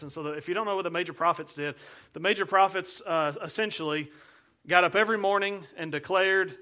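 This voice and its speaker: Playful pastor teaching. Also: male voice, fairly high pitch, brisk, sharp tone. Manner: playful, explains with hand gestures and repeated cues. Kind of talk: teaching sermon.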